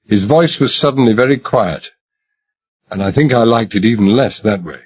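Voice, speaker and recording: Low, husky male audiobook narrator. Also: expressive, moderate pace, no echo. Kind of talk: scripted first-person thriller narration. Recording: muffled lo-fi recording.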